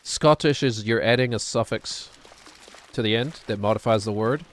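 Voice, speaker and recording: A middle-aged man with a New Zealand accent talks loosely on his game stream. His voice sits at an ordinary middle pitch. He rambles, restarts his sentences and chuckles between his thoughts. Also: moderate pace, a little hiss or hum. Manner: rambling, self-correcting, chuckling. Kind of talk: casual chat while gaming.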